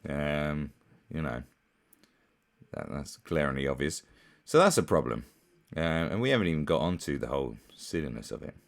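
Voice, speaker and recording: A man's voice: extremely low pitch, big pitch swings, moderate pace, vocal fry. A man giving casual commentary, rambling and scornful, with many fillers and restarts. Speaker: commentary YouTuber.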